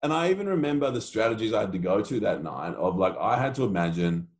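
A man tells stories on a podcast in a relaxed, joking way, cursing freely and laughing as he goes. His voice sits fairly low but swoops around a great deal. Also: quick pace. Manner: animated, laughing, swears casually. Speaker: podcast co-host. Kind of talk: casual chat, storytelling.

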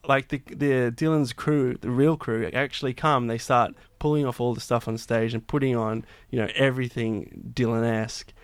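A man's voice: mid-range voice, fairly even intonation, normal speed, hardly any pauses, smooth, no room sound. Rambling man telling a story. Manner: rambling, many restarts and fillers. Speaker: guest singer-songwriter. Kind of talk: casual anecdote telling.

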